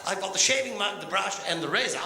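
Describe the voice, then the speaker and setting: A man's voice: sits high, animated, vocal fry, a crowd in the background. A man telling crude jokes and comic stories in a stand-up style. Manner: bawdy, crude, rapid-fire punchlines. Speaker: comedian. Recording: echoey hall, loud noise.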